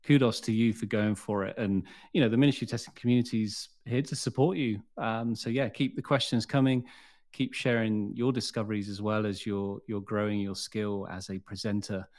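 A man's voice: on the low side, fairly even intonation, fairly quick, a little mellow. A man hosting an online community session, talking in an upbeat, encouraging way. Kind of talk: live community talk.

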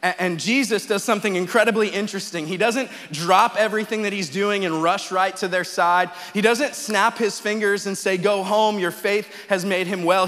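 A pastor with a high, sharp-toned voice preaches a conversational sermon, often tacking on "right?" and building up to fervent quoted pleas. A long hall reverb trails his words.

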